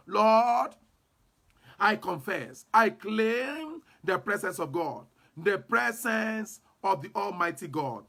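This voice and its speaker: A man's voice: high voice, animated, slow, vocal fry, pushed and bright. A man preaching a fervent sermon and leading prayer, repeating declarations and breaking into tongues. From Nigeria. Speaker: apostle and preacher.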